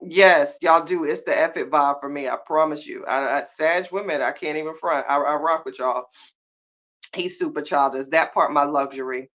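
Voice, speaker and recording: Woman podcast host, sassy and chatty, lots of laughter, slightly low voice, muffled lo-fi recording. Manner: sassy, animated, laughs often; drawn-out exclamations and slangy asides. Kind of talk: casual live-stream chat, reacting to viewers.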